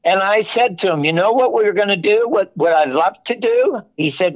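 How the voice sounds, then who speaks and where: An older man, a television producer, telling animated stories in an interview and acting out the dialogue. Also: high-pitched, moderate pace, hardly any pauses. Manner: animated anecdote-telling, acts out quoted dialogue. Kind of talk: storytelling interview. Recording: muffled, lo-fi audio.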